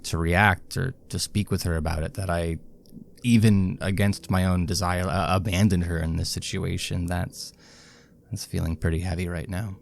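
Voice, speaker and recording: A guilt-ridden young man confesses in hesitant fits and starts, as a man plays him. His voice is very deep and gravelly, with a flat, heavy delivery and slow pacing. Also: a little hiss or hum. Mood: heavy, sombre.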